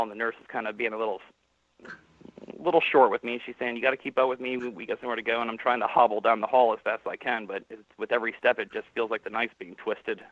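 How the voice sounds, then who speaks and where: Over the phone, a man with a fairly low voice calls into a stream to share a personal story, relating what the people he met said to him. The line sounds tinny and the recording dry, and his delivery is plain.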